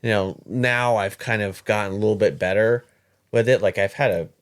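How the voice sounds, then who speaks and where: A man in casual podcast chat, telling a story in halting bursts with frequent restarts and repeated words. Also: fairly low pitch, steady tone.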